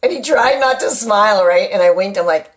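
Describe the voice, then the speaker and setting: A middle-aged woman chats to her live viewers from home in a relaxed, rambling way. She hops from story to story and tags her sentences with a questioning "right?" as she goes. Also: mid-range voice, a little fast. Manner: chatty, rambling, often asks "right?". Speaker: live-stream host. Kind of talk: casual live chat to viewers. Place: at home with a kitchen nearby.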